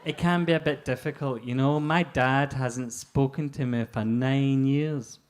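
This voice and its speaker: A Scottish man doing stand-up, taking his time over crude setups. His voice sits at an ordinary pitch and moves slowly, holding a deadpan line until the punchline lands. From Scotland. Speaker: stand-up comic. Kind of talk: stand-up routine.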